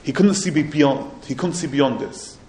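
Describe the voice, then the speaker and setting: A man's voice: on the high side, normal speed, noisy background. A man teaching a Torah lesson, retelling a Midrash in an earnest storytelling manner with occasional restarts. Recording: roomy echo, faint ambience.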